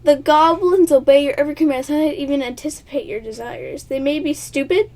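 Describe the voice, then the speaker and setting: A woman with a high, a little mellow voice reads a choice-based text adventure aloud at normal speed. She often gets tongue-tied and stumbles over words, giggling through playful asides to her viewers.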